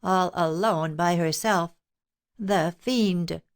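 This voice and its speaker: A jealous young woman, shrill and frantic, as a woman narrator puts her on. She comes out loud and high against the reader's low voice. It is an audiobook reading. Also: slow pace.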